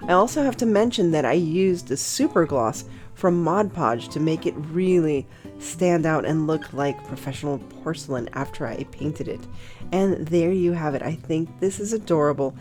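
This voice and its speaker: Chatty, gushing woman crafter, soft music. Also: low-pitched, lively intonation, moderate pace. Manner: gushing, cheerful, chatty with small fillers. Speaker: crafting channel host. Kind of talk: chatty crafting tutorial narration. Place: home craft room at her table.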